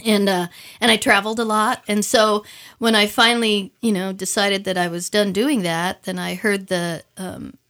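A woman's voice: medium pitch, moderate pace. A middle-aged woman chatting as a guest, telling stories and acting out quoted voices. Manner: animated storyteller, acts out quoted voices. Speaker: guest, stage performer. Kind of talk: casual radio chat.

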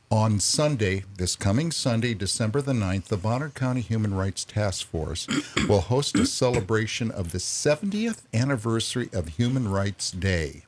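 A male radio host with a lowish voice welcomes his guests with chuckles, then moves into reading a press release in an even, steady way. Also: moderate pace, hardly any pauses.

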